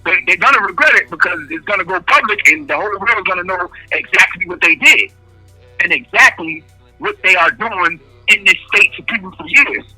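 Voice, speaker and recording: A man's voice: high-pitched, animated, fairly quick, pushed and bright, breathy edge, no echo, faint music behind. A man speaking over a phone call from prison in an interview, talking emphatically and hammering his points home by repeating key phrases in casual street speech. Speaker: incarcerated interviewee. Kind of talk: impassioned interview answers.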